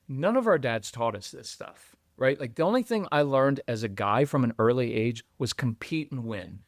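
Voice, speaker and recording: A middle-aged man guesting on a podcast about parenting, who talks in an animated, conversational way and acts out what other people say. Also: moderate pace, no echo, studio quality. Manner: animated, acts out quoted voices with jumps in pitch. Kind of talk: conversational interview.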